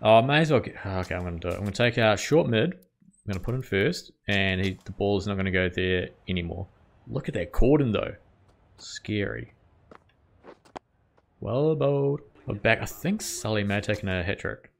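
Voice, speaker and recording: A man talks over his video game in a low, gravelly voice, flipping between quiet muttering and sudden loud reactions. He swears freely at the game and keeps up a casual stream of commentary. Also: expressive, moderate pace. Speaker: gaming channel host.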